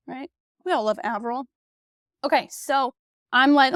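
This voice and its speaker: A young woman hosting a casual podcast about dating, chatty and animated, full of fillers and swearing. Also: fairly high pitch, slow, smooth, no room sound, studio quality. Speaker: podcast host. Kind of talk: casual solo dating chat.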